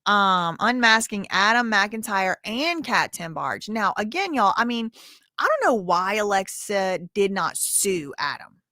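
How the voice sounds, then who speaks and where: A woman's voice: mid-range voice, animated, a little slow, sharp tone, no echo, studio quality. A woman hosting a livestream, answering chat questions in a sassy, blunt, casual way. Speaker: livestream host.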